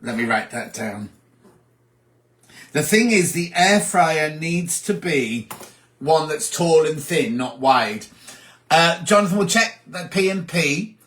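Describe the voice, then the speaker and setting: Bright-voiced chatty English man. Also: a little high, lively intonation, slow. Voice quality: chatty, reads comments aloud and answers them. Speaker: livestream host reading viewer comments. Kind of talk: casual live chat.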